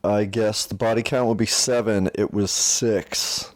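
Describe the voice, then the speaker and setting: A man co-hosting a podcast in very low tones, trading dry jokes in a relaxed chat. His voice sounds close and dry, with no room around it. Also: unhurried, no room sound. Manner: dry, joking banter. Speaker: podcast co-host. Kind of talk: casual chat.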